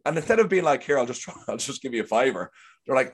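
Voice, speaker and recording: This guest actor is a young man from Ireland whose voice sits a little high, animated and quick, with a breathy edge. In relaxed conversation he tells rambling stories, voicing other people's lines as he goes.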